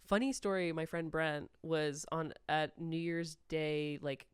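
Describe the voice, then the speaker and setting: A woman's voice: low-pitched, fairly even intonation, unhurried, smooth, no room sound, studio quality. A woman in her thirties hosting a comedy podcast, chatting casually, joking and laughing often as she tells stories. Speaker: podcast host.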